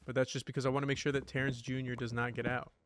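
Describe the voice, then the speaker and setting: A man's voice: mid-range voice, little pitch movement, very fast, background noise. A young man casually talking over a game, telling a story in a loose, rambling way full of swearing and "dude". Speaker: gaming streamer. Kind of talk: casual gameplay commentary with storytelling.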